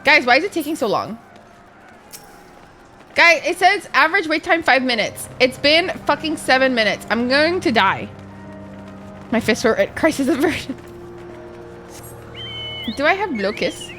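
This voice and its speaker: Excitable swearing woman streamer, lively pitch. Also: a little slow, pauses often. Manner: excitable, swears a lot, squeals. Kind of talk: casual live-stream chat. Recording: faint music behind.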